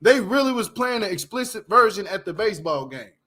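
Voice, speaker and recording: A man's voice: high-pitched, very animated, fairly quick, pushed and bright. A man hosting a casual commentary show, ranting bluntly and with a lot of swearing while speaking straight to his viewers. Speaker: commentary channel host.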